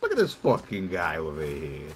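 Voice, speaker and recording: Deep dude yelling insults in game voice chat, all over the place pitch-wise. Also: male voice, huge pitch swings, moderate pace, slight background noise. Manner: aggressive profane trash talk. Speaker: gamer.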